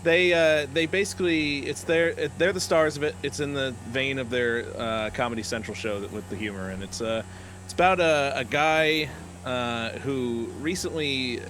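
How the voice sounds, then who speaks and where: A man co-hosting a live game stream, chatting casually and animatedly, his voice leaping up when excited and laughing often. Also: mid-range voice, normal speed, background noise. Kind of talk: casual chat.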